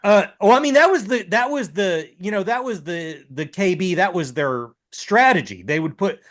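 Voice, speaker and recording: A man co-hosting a casual podcast, telling a story in a relaxed way with many fillers. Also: high-pitched, normal speed. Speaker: podcast co-host. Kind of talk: casual chat.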